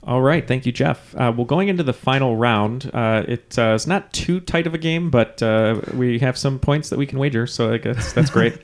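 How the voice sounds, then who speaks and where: A man's voice: medium pitch, normal speed, hardly any pauses. A man co-hosting a trivia podcast, loose and joking as he runs through the scores with lots of filler words. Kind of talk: casual podcast chat.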